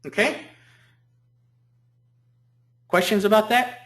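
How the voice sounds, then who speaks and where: Male professor, slightly high voice, lecturing in an echoey room, repeats points, checks understanding. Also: takes it slowly, a bit bright. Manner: repeats key points, asks "okay?" often. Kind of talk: university lecture.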